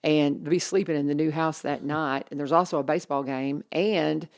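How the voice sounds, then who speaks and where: Lady radio host, 50s, lowish voice, chatty and animated on a studio mic. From Kentucky Lake region. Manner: chatty and animated, quick asides. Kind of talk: casual morning radio chat.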